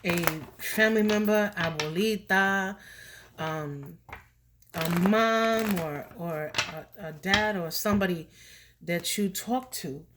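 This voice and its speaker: A chatty woman reads tarot cards for her viewers in a loose, emotional way and slips the odd Spanish word into her talk. Her voice sits at a middle pitch, and a faint hiss runs under the recording. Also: slow pace. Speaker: tarot reader. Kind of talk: casual tarot reading to viewers.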